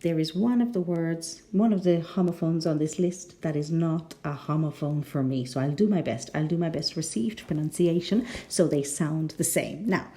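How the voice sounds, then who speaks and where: A woman's voice: deep voice, moderate pace, hardly any pauses, mellow. A woman with a rhotic English accent teaching a pronunciation lesson, patient and often checking in with the learners.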